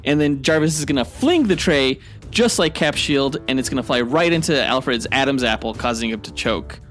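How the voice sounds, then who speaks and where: A man co-hosting a podcast who trades playful, deadpan rebuttals in a mock fight debate. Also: medium pitch, fairly quick, faint music behind. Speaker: podcast co-host.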